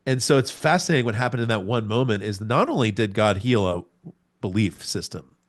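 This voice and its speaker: Animated low-voiced man telling a story. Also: fairly quick. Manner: animated storyteller, acts out scenes with sound words. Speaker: podcast guest. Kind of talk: personal testimony in conversation.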